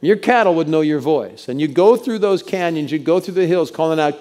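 A man's voice: fairly high pitch, brisk, few pauses, dark tone. A middle-aged male pastor preaching a sermon to his congregation, telling stories and leading them in call-outs. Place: church sanctuary with congregation.

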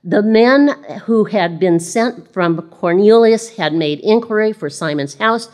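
A woman's voice: medium pitch, unhurried, a little mellow. A woman preaching a sermon in a conversational way, reading scripture aloud and repeating phrases.

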